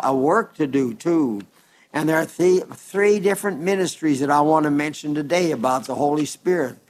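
A man delivers a sermon with earnest emphasis, his voice sitting somewhat high for a man. He explains scripture plainly and repeats key points to drive them home. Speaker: preacher.

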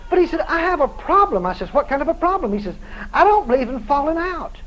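A man's voice: extremely high pitch, quick pace, muffled recording. A male preacher telling a story in a sermon, laughing often and acting out every voice in it. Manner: animated, laughing storyteller who acts out the voices in his story.

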